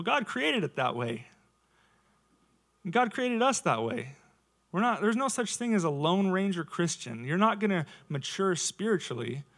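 This lay preacher, a man in his thirties, has a fairly high, slightly bright voice. He gives his church a casual, conversational sermon packed with rhetorical questions.

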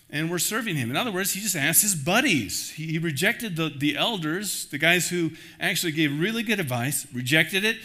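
A man pastor preaching a sermon in an animated way, acting out the voices he quotes. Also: on the high side.

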